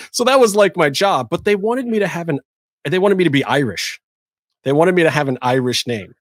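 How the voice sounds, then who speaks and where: A man's voice: on the high side, fairly quick, no echo, clean studio sound. A man hosting a podcast, telling stories in casual banter and slipping into radio announcer voices. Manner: animated storyteller, mimics radio announcer voices. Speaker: podcast host. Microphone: studio microphone.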